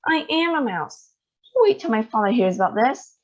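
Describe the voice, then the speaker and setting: A woman doing a loud spoiled boy, shouting. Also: a little high, big pitch swings, fairly quick, pitched above the performer's own voice. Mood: shocked. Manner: shouting, indignant. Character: loud greedy spoiled boy turned mouse. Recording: dull lo-fi sound.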